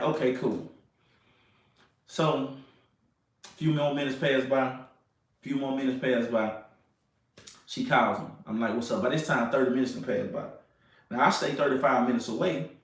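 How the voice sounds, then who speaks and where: Man, young adult, casual storytelling, animated, repetitive, echoey room, distant mic. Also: mid-range voice. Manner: animated, repeats phrases, says "you know what I'm saying".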